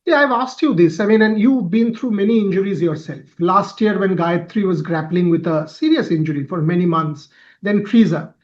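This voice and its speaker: A man's voice: sits high, fairly quick, highs cut off. A man interviewing a badminton coach, asking long, wordy questions. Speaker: sports interviewer.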